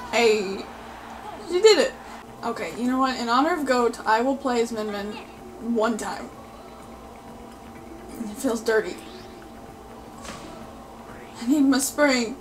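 A woman giving live gameplay commentary, excitable and loudly pleading and cheering at the game as she plays. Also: a little high, slow pace, pauses often, a little hiss or hum. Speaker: gaming video creator.

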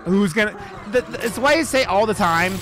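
A man's voice: high-pitched, animated, brisk, noisy background. A man streaming a video game, angrily ranting to his chat, swearing heavily and restarting his sentences. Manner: heavy swearing, restarts mid-sentence, addresses chat viewers. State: angry. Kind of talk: heated live-stream rant.

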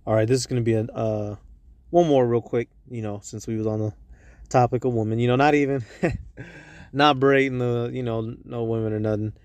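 A man's voice: mid-range voice, fairly even intonation, darkish tone, dry recording. Blunt, profane man preaching from a car. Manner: blunt and profane, with street slang; halting, stumbles over words. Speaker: religious teacher. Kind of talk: informal preaching monologue.

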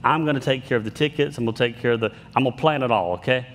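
A man with a Southern US accent putting on the voice of a calm, cheerful woman of faith, breezy and reassuring. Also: mid-range voice, fast, a little hiss or hum, lightly acted. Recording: long hall reverb.

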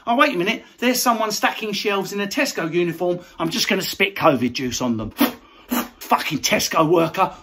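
A man's voice: high voice, lively intonation, a little fast, hardly any pauses, background noise. A man, a comedian, delivering a brash, sweary, mocking comic rant.

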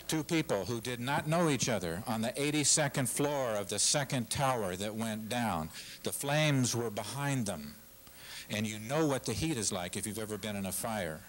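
A middle-aged man delivers a passionate speech to a civic audience, pressing his points with repetition and false starts. His voice sits low, and a faint hiss lies under the recording. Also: fairly bright tone, poor audio. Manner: passionate, emphatic, repeats himself. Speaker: guest speaker. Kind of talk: public speech at a civic forum. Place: lecture hall with audience.

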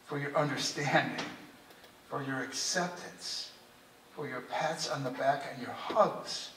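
Impassioned preacher, bright voice, echoing church. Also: male voice, medium pitch, measured pace, far from the mic, a little hiss or hum. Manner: impassioned, heartfelt, often drops to a hushed earnest tone. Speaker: priest. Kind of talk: sermon. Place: church sanctuary. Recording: echoey church recorded from afar.

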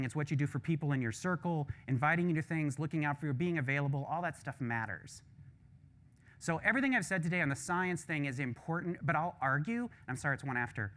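Candid, animated male professor lecturing. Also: fairly high pitch. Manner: candid, animated storytelling with casual asides. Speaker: visiting professor giving a lecture. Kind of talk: lecture closing remarks.

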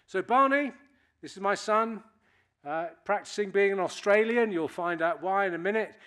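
A man's voice: high-pitched, normal speed, a bit bright. A man in his sixties from Britain, giving a public speech to an audience and telling wry, anecdotal stories. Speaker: keynote speaker.

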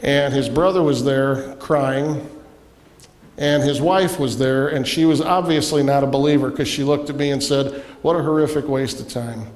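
A man preaching as a guest in a church, telling a personal story with animated delivery and acted-out voices. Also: mid-range voice, moderate pace. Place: church sanctuary. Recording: echoey church hall.

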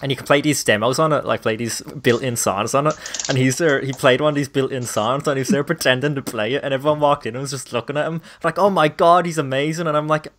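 A man's voice: mid-range voice, fast talker, few pauses. A young man from Ireland with an Irish accent, chatting casually and swearing with plenty of laughter. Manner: animated, swearing, laughs a lot. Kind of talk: casual chat.

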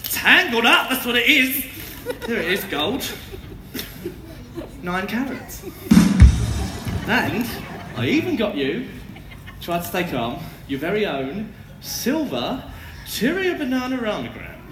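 A woman's voice: mid-range voice, sing-song, slow pace, pauses often, sharp tone, recorded from a distance, slight background noise, exaggerated voice. A woman playing a goofy, lovestruck young male servant in a live pantomime, clowning and over the top. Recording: echoey hall from afar, music. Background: music.

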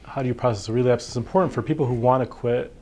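His warm, mid-range voice comes out in a rapid-fire stream as this physician leads an informal addiction workshop. It's a conversational lecture, thick with fillers, where he acts out patients' words.

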